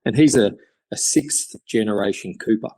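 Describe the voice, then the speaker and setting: A man's voice: on the low side, moderate pace, dark tone, no echo, poor audio. An Australian man, a craftsman guest on a podcast, telling stories in an enthusiastic, rambling way. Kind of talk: casual interview chat.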